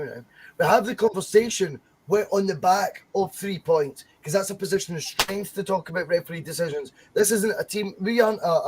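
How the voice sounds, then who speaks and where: A Scottish man on a fan podcast, talking in an insistent, emphatic way. His voice sits high for a man and has a husky edge. He keeps hammering home each point. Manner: emphatic, insistent, addresses co-host by name. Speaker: podcast co-host. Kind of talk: heated fan podcast discussion.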